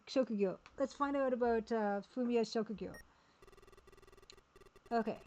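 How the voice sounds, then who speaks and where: A woman streaming a game live, talking casually and haltingly as she sounds out words one by one. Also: fairly high pitch, gravelly, darkish tone.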